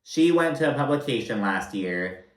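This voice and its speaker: A man talks through a reality TV recap in a loose, casual way, and his asides are blunt, profane and openly sarcastic. His voice sits in an ordinary middle pitch. The recording carries a noticeable roomy echo. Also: expressive, normal speed.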